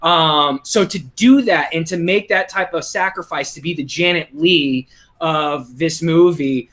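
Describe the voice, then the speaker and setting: A man's voice: fairly high pitch, measured pace, a bit bright. A man talking as a guest in a casual podcast chat, building his points with asides.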